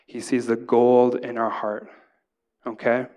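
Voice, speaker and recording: A man's voice: medium pitch, level tone, takes it slowly, darkish tone. A man in his thirties, a pastor preaching a sermon in a casual, conversational way, often checking in with the congregation. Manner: casual, conversational preaching with frequent "right?" asides.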